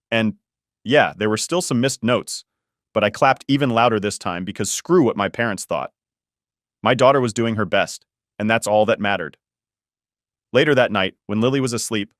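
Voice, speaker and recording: A man's voice: fairly low pitch, no echo, clean studio sound. A man narrating a first-person family story in a casual, blunt way that swears freely.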